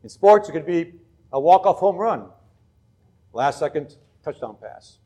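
A man serving as pastor, reading scripture aloud and then preaching in an earnest, measured way. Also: fairly high pitch, animated, warm tone.

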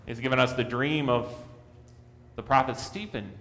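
A man preaching a sermon, earnest, rising for emphasis and dropping to a soft hush. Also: fairly even intonation, normal speed, in a large hall. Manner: earnest, rises in pitch and volume for emphasis, drops to a soft hush. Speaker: pastor.

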